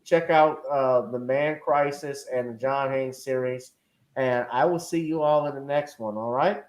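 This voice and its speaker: Relaxed man hosting a live stream. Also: mid-range voice, unhurried. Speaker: host. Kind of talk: casual live-stream chat.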